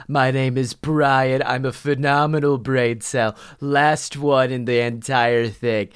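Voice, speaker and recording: A man voicing a talking brain cell with a slow, deliberate stand-up comic cadence. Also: mid-range voice, steady tone, clean tone, no echo, studio quality, lightly acted. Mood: deadpan. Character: chipper male brain cell doing a comedian bit.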